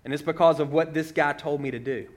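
A man's voice: a little high, steady tone, quick pace, close to an everyday voice. A man voicing a frustrated, sarcastic man who was healed of blindness, as part of a sermon retelling.

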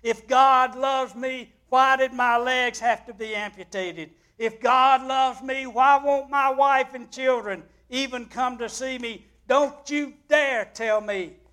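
A man preaching plays a bitter, gruff hospital patient, speaking with anger and accusation in a sermon story. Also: extremely high pitch, takes it slowly, pauses often, a little mellow, voice pushed up. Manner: angry, accusing.

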